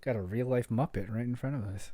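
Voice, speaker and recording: A man's voice: medium pitch, fairly quick, mellow, a little hiss or hum. A man co-hosting a casual podcast, rambling and joking with frequent laughter. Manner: laughs often, rambling and jokey. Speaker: podcast co-host and streamer. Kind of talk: casual chat.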